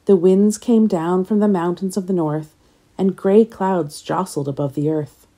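Mellow-voiced woman reading a storybook aloud. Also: fairly low pitch, steady tone, unhurried. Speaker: storybook reader.

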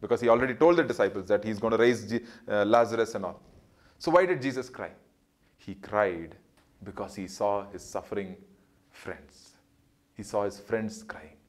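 A man giving an earnest Bible study, repeating phrases for emphasis and building up on key points before dropping soft at the ends of lines. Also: lowish voice, moderate pace. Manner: rises and swells on key points, drops soft at line ends. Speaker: Bible teacher.

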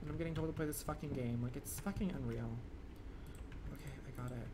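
A man streaming live gameplay, swearing a lot and swinging between muttering and screams. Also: quick pace. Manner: profane, dramatic, swinging from low muttering to screaming. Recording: noisy stream audio.

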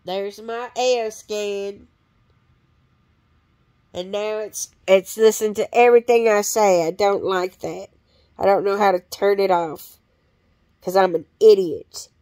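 A woman's voice: mid-range voice, steady tone, moderate pace, dark tone, dry recording. A woman talking in a rambling, profane and blunt monologue.

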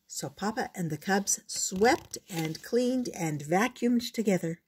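An older woman gently reading a children's storybook aloud in a measured, unhurried way. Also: medium pitch, animated, breathy edge.

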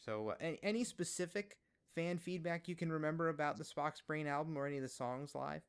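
A man's voice: on the high side, fairly quick, clean tone. Man hosting a casual podcast chat. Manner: friendly, teasing, rambling questions. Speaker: podcast host.

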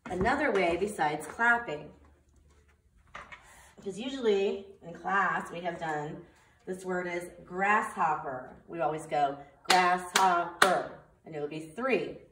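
A preschool teacher, a woman with a fairly low pitch, speaks slowly, clearly and sing-song to young children in a remote circle time lesson with a story read-aloud. She's far from the mic, so the sound is roomy, and there's background noise.

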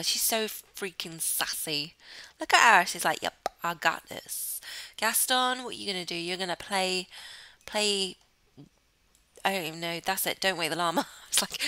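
A woman chatting excitably through Let's Play commentary, giggling often. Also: on the low side, moderate pace, dry recording, poor audio. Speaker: gamer host.

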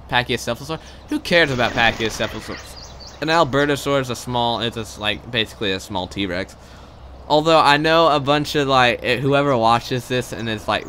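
A young man giving live gameplay commentary. He is excitable and swears a lot, swinging between loud outbursts and muttered asides. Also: mid-range voice, slight background noise.

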